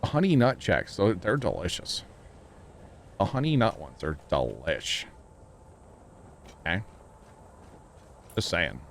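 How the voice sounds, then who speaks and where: A man chatting casually while livestreaming a video game, rambling and joking as he thinks out loud. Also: low voice, huge pitch swings, takes it slowly, creaky, long pauses, a little hiss or hum. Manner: rambling, jokey, thinking aloud. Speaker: game streamer. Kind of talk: casual gameplay livestream chat.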